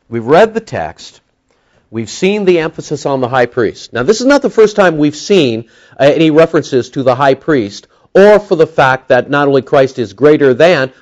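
A man preaching an expository sermon, talking conversationally with many fillers and slowing down to stress key words. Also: mid-range voice, lo-fi sound. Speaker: pastor teaching a Bible study.

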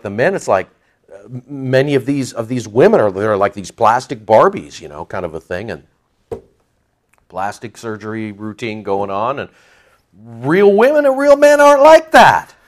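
A man preaching verse by verse, reading scripture aloud and then explaining it in a casual, conversational way. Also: fairly low pitch. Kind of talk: verse-by-verse Bible teaching.

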